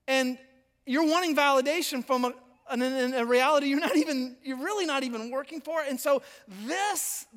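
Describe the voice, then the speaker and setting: A man's voice: extremely high pitch, a bit bright. A male pastor delivering a sermon, telling stories in a conversational, self-deprecating way. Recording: long hall reverb.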